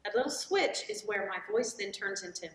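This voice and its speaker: A woman voice teacher giving a vocal lesson, stopping to sing demonstration vowels through her registers. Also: moderate pace. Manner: lively, swooping pitch when explaining. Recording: roomy echo, voice from far off.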